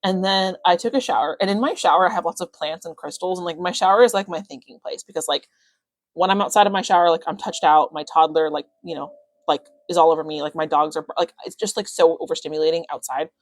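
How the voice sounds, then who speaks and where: A young woman chats on a phone live stream, coaching her viewers in loose, rambling talk full of fillers. Her voice sits a little low. The sound is dry and close, with no room around it. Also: fast, no echo. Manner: rambling, many fillers, excitable.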